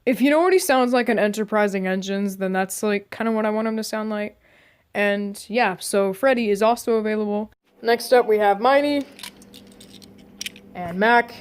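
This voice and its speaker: A woman's voice: mid-range voice, normal speed, clear, resonant tone. A young woman hosting a casting call for voice roles, talking casually and rambling with many fillers and restarts. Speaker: channel host running a casting call.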